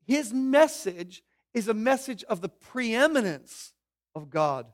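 A man preaching a sermon, pressing his points with slow, loud declarations and then dropping to quiet, low asides. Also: very animated. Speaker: pastor.

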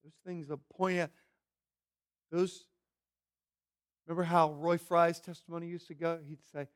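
A man preaching a sermon as pastor, animated and acting out characters' voices as he teaches. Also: fairly high pitch, measured pace, pauses often, clear, resonant tone.

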